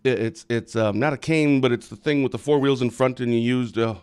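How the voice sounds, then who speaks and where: A man's voice: mid-range voice, fairly quick, a little mellow, smooth. Laughing Midwestern man telling a story. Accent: Upper Midwest American. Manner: laughs often, storytelling, playful teasing. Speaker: co-host, news site founder. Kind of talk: casual chat.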